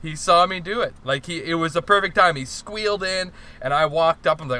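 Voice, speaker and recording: A man's voice: a little high, a little fast, few pauses, sharp tone. A young man telling a story in casual chat, rambling with lots of "like", laughing and swearing as he goes.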